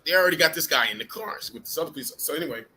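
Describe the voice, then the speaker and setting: A middle-aged man hosts a live chat, spinning a story with lots of restarts and swearing. His voice sits a little high and swings up and down a lot. The tone is bright and forward. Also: rapid-fire, slight background noise. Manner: animated anecdote with restarts and swearing. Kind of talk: casual storytelling.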